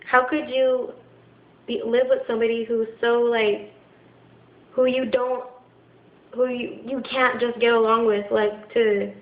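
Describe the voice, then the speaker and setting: A woman's voice: a little high, level tone. Frustrated young woman venting in an echoey room. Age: young adult. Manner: frustrated, halting, many restarts and fillers. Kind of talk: venting to camera. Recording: echoey room, dull lo-fi sound.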